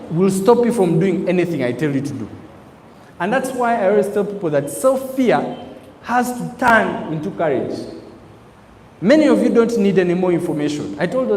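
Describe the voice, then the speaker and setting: A man's voice: sits high, expressive, normal speed, darkish tone, slight background noise. A man giving an emphatic, preacher-like motivational training talk in a hall, asking the audience questions. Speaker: network marketing trainer. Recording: echoey hall, faint ambience.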